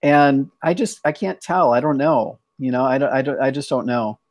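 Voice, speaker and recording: A man's voice: medium pitch, moderate pace, dry recording. An American man hosting a casual online chat, thoughtful, often restarting his sentences. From United States. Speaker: host.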